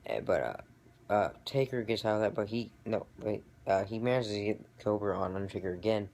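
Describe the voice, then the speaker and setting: A young adult man casually recapping a wrestling event, rambling and excitable, with many fillers and restarts. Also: lowish voice, fairly quick. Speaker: vlogger reviewing wrestling.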